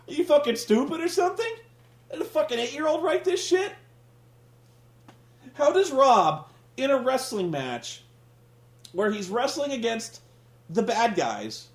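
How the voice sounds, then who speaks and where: A man's voice: extremely high pitch, roomy sound. A man hosting a casual comedic rant, sarcastic and profane, sounding exasperated. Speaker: podcast host reviewing wrestling.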